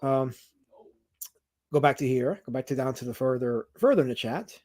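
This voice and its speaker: A man's voice: mid-range voice, animated, moderate pace, a little mellow. A man hosting a casual livestream, reading out chat comments and rambling with many restarts and fillers.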